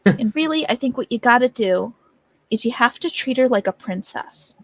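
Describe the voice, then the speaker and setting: A woman playing a tabletop game, spinning a playful, animated scheme for her character. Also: a little high, normal speed, no echo. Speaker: player. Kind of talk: in-character tabletop role-play.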